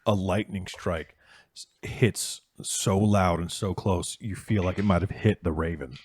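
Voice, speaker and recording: A young man running a tabletop game as game master, telling the scene in a casual, animated way. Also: deep voice, a little slow, husky, no room sound. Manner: animated, casual storytelling with fillers.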